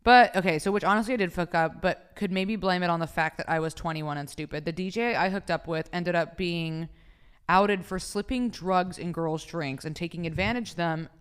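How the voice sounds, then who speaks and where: A young woman hosting a podcast with a lowish, smooth, resonant voice. She reads listener stories aloud and reacts to them bluntly, swearing freely and laughing between lines. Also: normal speed. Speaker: podcast host.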